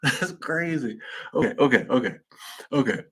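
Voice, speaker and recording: Husky laid-back man chatting live. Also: mid-range voice, big pitch swings, moderate pace, fairly bright tone. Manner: laid-back, slangy, laughs often at his own jokes. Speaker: live stream host. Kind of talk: casual chat reading viewer comments.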